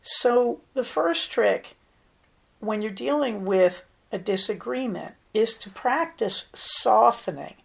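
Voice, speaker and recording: Woman with a creaky, gravelly voice. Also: a little high, takes it slowly. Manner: explains calmly, acts out example lines. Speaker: psychologist host. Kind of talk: advice talk.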